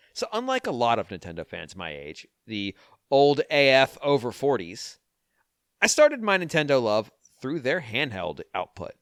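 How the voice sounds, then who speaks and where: A man's voice: medium pitch, sharp tone, no echo. A man hosting a podcast, chatting casually in a jokey, self-deprecating way with rambling asides, then reading a listener email aloud into a studio microphone. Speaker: podcast host.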